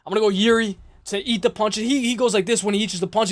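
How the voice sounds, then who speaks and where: A man hosting a casual livestream, rambling and cursing as he makes fight picks, his voice hoarse and worn out. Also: high-pitched, fairly even intonation, fast. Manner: rambling, repeats himself, curses freely. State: lost his voice. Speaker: livestream host.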